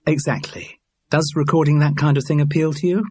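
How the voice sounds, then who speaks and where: Man doing a brisk woman producer, firm and businesslike, raised pitch, husky, audiobook. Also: steady tone, darkish tone, no room sound, natural voice.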